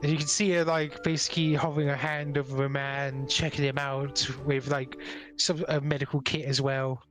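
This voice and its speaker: Relaxed game master narrating a scene. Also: mid-range voice, normal speed, faint music behind. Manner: descriptive, relaxed, with filler words.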